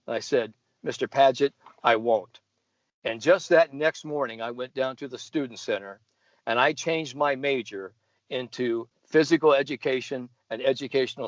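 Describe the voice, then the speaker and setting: A man's voice: mid-range voice, no echo. A man in his seventies, a golf sports psychologist, telling a story on a podcast and acting out the people he quotes. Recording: dry, slightly dull podcast audio.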